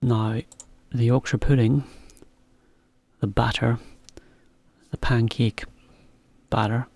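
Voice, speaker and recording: A man teaching to learners, talking in a relaxed, chatty way with a laugh now and then. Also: mid-range voice, takes it slowly, creaky, dry recording. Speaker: English teacher. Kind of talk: slow, clear explanation for learners.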